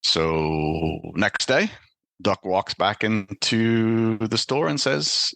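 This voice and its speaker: A man's voice: on the low side, extremely slow, creaky, a bit bright, no echo. A man who is a guest on a podcast, chatting casually and telling dad jokes that he laughs at himself. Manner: tells dad jokes with quoted voices, laughs at his own jokes.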